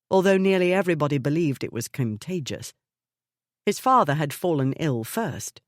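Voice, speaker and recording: Measured woman reading a romance novel. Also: sits low, no echo, studio quality. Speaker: audiobook narrator. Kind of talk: scripted narration of a romance novel.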